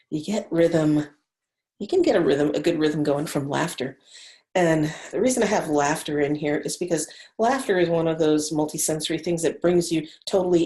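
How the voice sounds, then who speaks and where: A woman leading an online class over a video call, gently guiding breathing and counting the breaths aloud in a soothing way. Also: low voice. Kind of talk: guided breathing and laughter class.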